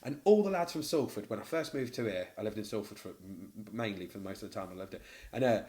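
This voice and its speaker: A man's voice: fairly low pitch, quick pace. A middle-aged man co-hosting a podcast, telling stories in a casual chat and swearing freely. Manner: animated storyteller, swears freely. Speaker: podcast co-host. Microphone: podcast microphone.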